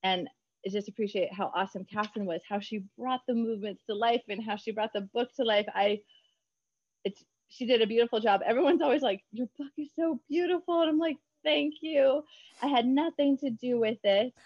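A woman children's book author chatting in an interview, bubbly and quick to laugh. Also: on the high side, steady tone, no room sound, dull audio. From United States. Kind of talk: casual interview chat.

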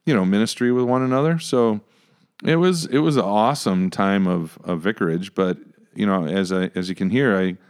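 A man, a pastor, telling stories in a relaxed podcast conversation, acting out his own reactions along the way. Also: lowish voice, moderate pace, smooth. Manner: animated, acts out his own past reactions. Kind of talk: casual conversational storytelling.

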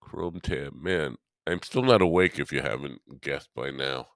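A man with a very deep voice hosts a morning live stream, rambling and teasing his chat in a self-deprecating way. He sounds drowsy and half awake. The sound is dry and close, with no room around it. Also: measured pace, no room sound.

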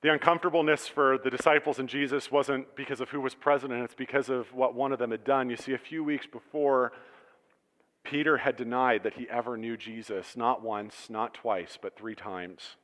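A man's voice: medium pitch, fairly even intonation, moderate pace, fairly bright tone. A male pastor preaching a sermon in a church, retelling a story conversationally with humorous asides. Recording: reverberant church hall.

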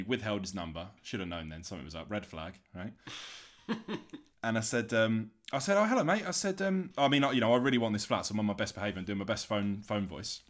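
A man co-hosting a podcast over a remote call, telling a long anecdote in a casual way and acting out the other people's voices. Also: fairly low pitch. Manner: animated, acts out voices in his anecdotes. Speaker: podcast co-host. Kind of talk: casual storytelling chat.

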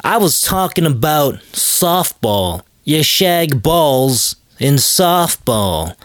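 A man's voice: on the high side, sing-song, extremely slow, no echo, clean studio sound. A man co-hosting a comedy podcast, talking in a flamboyant, exaggerated party-boy way. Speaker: podcast co-host. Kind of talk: comedic banter.

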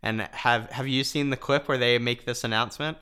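A man co-hosting a podcast in casual chat, laughing often and filling pauses with ums. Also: mid-range voice, fairly even intonation, sharp tone, clean tone. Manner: chatty, laughs often, many fillers. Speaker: podcast co-host.

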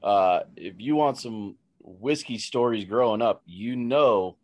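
A man's voice: on the low side, slow, darkish tone. A man in a casual chat, chiming in with wry jokes and asides.

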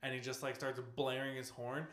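A man's voice: medium pitch, little pitch movement, fairly quick, reverberant, background noise. A man in casual gaming chat, rambling as he retells scenes and acts out game characters, swearing freely.

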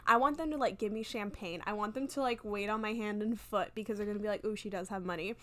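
A woman's voice: medium pitch, fairly even intonation, fast, fairly bright tone. A young woman co-hosting a podcast from home in casual chat. She giggles often and fills her talk with "like.". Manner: giggly, chatty, many "like" fillers. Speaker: podcast co-host. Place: room at home.

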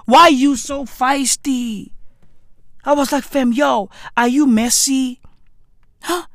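A young man telling a comic story, animated and profane, full of slang and repeated asides to the listener. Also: very high-pitched, creaky, no echo. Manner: animated, swearing, slang-heavy, repeats "bruv" and "right?". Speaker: comedic storyteller. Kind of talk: profane comedic anecdote.

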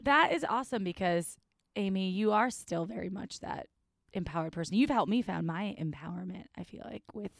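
A woman's voice: medium pitch, expressive, moderate pace, no room sound, studio quality. A woman co-hosting a podcast in casual chat, effusive and playful. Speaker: podcast co-host.

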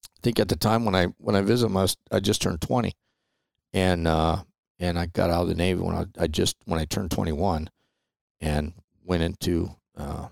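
A middle-aged man tells stories in a loose, conversational way. His voice sits on the low side, with a gravelly edge to it. The sound is dry and close, with no room around it. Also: moderate pace, no room sound. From Los Angeles. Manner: relaxed, chatty, peppers talk with "man" and "you know". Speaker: guest. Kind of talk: casual storytelling interview.

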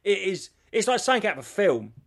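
A man co-hosting a podcast, telling stories in an animated casual chat and swearing freely. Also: sits high, fast talker. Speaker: podcast co-host.

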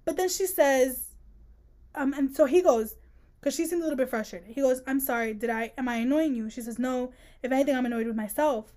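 Animated, slangy woman podcaster. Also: high voice, brisk. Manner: animated, slangy, acts out characters' lines. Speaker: podcast co-host. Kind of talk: casual book-discussion chat.

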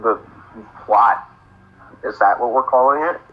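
A man co-hosting a comedic read-along, with dry deadpan sarcasm. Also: mid-range voice, measured pace, muffled recording. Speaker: podcast co-host.

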